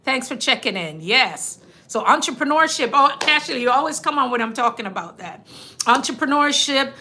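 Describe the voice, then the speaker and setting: A woman's voice: high-pitched, animated, moderate pace, pushed and bright, a little hiss or hum. A woman hosting a casual livestream as a business coach, chatting to viewers, reading out their comments and laughing often.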